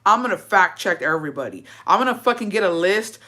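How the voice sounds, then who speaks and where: A woman's voice: medium pitch, animated, fast, pushed and bright. A young woman hosting a casual gossip chat, ranting with plenty of swearing and rhetorical questions. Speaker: host.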